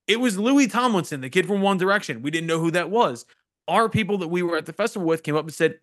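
A man's voice: on the high side, animated, a little fast, fairly bright tone. A man hosting a podcast, telling loose, profane stories in casual chat. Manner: loose, profane storytelling with laughs. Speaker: podcast host.

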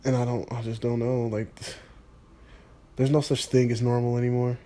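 A man's voice: medium pitch, level tone, moderate pace, mellow. A man in his twenties ranting bluntly and profanely, sounding exasperated. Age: 20s. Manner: blunt, exasperated, swearing freely. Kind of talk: casual profane rant.

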